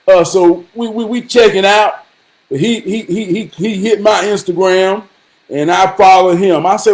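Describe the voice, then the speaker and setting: A man's voice: high-pitched, steady tone, moderate pace, darkish tone. A man casually telling a story to his viewers in a rambling, repetitive and profane way, slipping into preachy advice. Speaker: vlogger.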